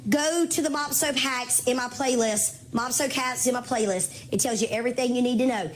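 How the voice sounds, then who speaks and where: A woman hosting a casual live-stream sale, chatting with viewers, calling them baby girl and mama, with her voice going hoarse from talking. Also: a little high, normal speed, a little hiss or hum. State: losing her voice.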